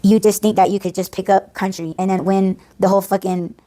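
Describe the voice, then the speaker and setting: A woman's voice: medium pitch, level tone, brisk, mellow. A woman hosting a podcast, venting in a blunt, profane, casual ranting monologue. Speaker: podcast host.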